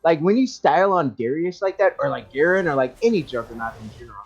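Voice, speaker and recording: A play-by-play caster giving live esports commentary, excitable and self-deprecating, with a lingering cough from being under the weather. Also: mid-range voice, quick pace, breathy edge, dull audio.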